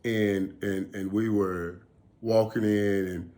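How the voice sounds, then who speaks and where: A middle-aged man telling a personal story casually, emphatic and animated, repeating phrases for weight. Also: on the low side, slow pace. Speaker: vlogger.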